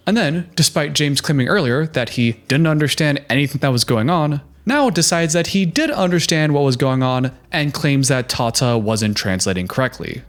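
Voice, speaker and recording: A man's voice: a little high, lively intonation, moderate pace, few pauses. A young man hosting a reaction video, giving a heated, sarcastic recap of a TV show. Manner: heated, sarcastic, mocking quoted voices. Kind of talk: opinionated TV recap commentary.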